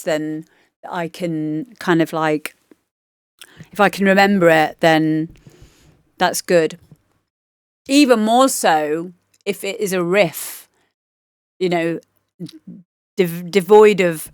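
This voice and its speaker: A woman's voice: lowish voice, clean tone, dry recording, studio quality. A woman, a DJ host chatting casually and rambling with laughs while reviewing demo tracks. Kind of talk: casual stream chat.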